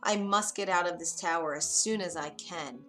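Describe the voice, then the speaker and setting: A woman's voice: on the low side, normal speed, fairly bright tone, faint music behind, close to an everyday voice. Rapunzel, a woman voicing a wistful young maiden. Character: shy young woman locked in a tower, wistful. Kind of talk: storybook reading.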